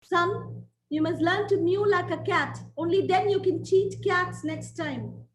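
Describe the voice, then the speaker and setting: A woman's voice: extremely high pitch, unhurried, a little hiss or hum. A woman voicing an anxious, protective mother rat who scolds and teaches her son in a story told during a lecture. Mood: scolding. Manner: urgent, scolding and emphatic.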